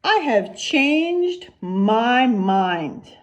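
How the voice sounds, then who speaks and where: A fussy male panda from a picture book, put on by a woman reading to small children. The voice sits high and drags out every refusal, slow and deliberate. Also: sing-song, lo-fi sound, slight background noise, full character voice. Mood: refusing. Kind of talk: picture book read-aloud.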